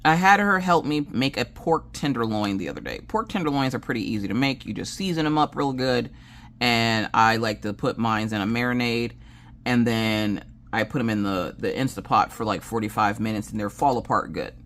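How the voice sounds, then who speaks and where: A woman's voice: a bass voice, normal speed, a little hiss or hum. A woman with a Southern American accent chatting casually while she crafts. She tells family stories at length, acting out what everyone said, and swears freely. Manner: chatty storyteller who acts out family dialogue. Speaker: crafting channel host.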